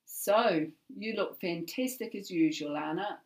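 A woman voicing a gentle, somewhat weary father in a story reading. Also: fairly low pitch, measured pace, voice pushed up, low-quality recording. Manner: gentle, subdued.

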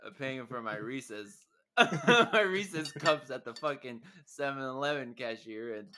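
A man's voice: medium pitch, lively intonation, measured pace, crowd noise. A man co-hosting a podcast in loose, joking chat, laughing often and slipping into joke voices. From Mexico. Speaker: podcast co-host. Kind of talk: casual podcast banter.

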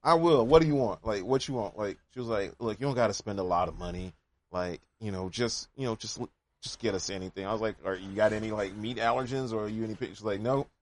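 A low-voiced man telling stories in a relaxed casual chat. He jokes as he goes and keeps an easy, laid-back manner. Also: quick pace. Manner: laid-back storyteller, jokey. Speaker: musician, podcast co-host.

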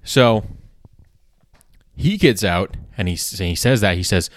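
A man's voice: on the low side, expressive, measured pace, no echo. A man hosting a podcast, telling a story in a casual, rambling way, correcting himself often and swearing for emphasis. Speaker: podcast host.

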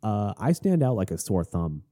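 A man hosting a podcast rambles through a story with wry, self-deprecating asides. His voice sits low, with a very dark, mellow timbre. He speaks in a casual, conversational tone. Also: big pitch swings, normal speed. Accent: none, non-Southern American. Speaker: podcast host.

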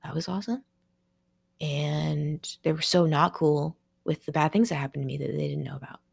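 Heavily gravelly, husky young woman podcaster. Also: deep voice, fairly even intonation, moderate pace, no room sound. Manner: emotional and rambling, heavy with filler "like"; searching, restarting sentences while processing aloud. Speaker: podcast host. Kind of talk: personal podcast monologue.

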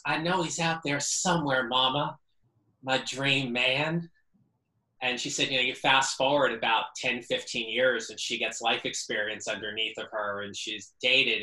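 A man's voice: medium pitch, sharp tone, roomy sound, low-quality recording. A man speaking as an interview guest, earnest and reflective, often repeating words as he thinks. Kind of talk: casual interview.

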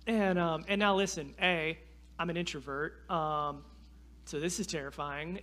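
Animated, bright-voiced preacher man. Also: high-pitched, moderate pace. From North Carolina. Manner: animated, self-deprecating storyteller. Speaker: guest preacher. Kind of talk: storytelling sermon.

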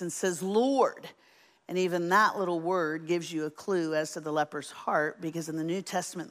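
A woman preaching a sermon in an animated, folksy way, asking the congregation questions. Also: on the low side. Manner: animated, folksy, asks the audience. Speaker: Bible teacher.

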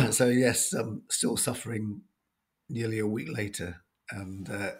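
A man in his fifties with a croaky, hoarse voice from a cold, hosting a casual sports chat with plenty of ums and restarts. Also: on the low side, fairly even intonation. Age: 50s. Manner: halting, with many ums and restarts. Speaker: sports show host.

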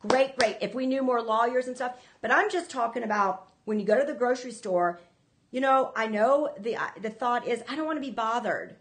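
A woman's voice: on the high side, normal speed. Earnest woman preaching to viewers. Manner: earnest, emphatic, repeats herself. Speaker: ministry host.

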